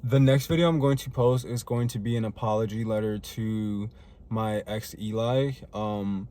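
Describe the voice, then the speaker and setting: A man's voice: fairly low pitch, fairly even intonation, normal speed, warm tone. A young man rambling through a casual personal monologue to camera, full of fillers and restarts. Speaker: vlogger. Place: living in Chicago.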